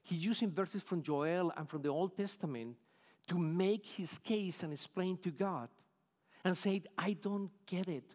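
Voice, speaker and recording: Colombian pastor, middle-aged, Spanish-accented English, earnest and halting, fairly high voice, reverberant sanctuary. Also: male voice, darkish tone. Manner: earnest, repeats words while searching for phrasing. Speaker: preacher. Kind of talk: sermon. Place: church sanctuary.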